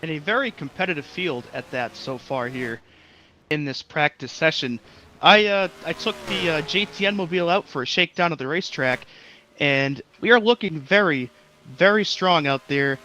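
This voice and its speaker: A man's voice: fairly high pitch, normal speed, bright, forceful tone, slight background noise. A man co-commentating a live sim race, laid-back and dry.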